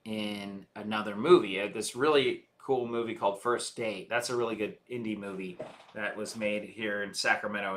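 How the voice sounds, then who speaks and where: A man talks about his film in a casual interview, his voice bright and edged. He tells stories in an animated way and often laughs as he goes. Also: medium pitch. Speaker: filmmaker, guest.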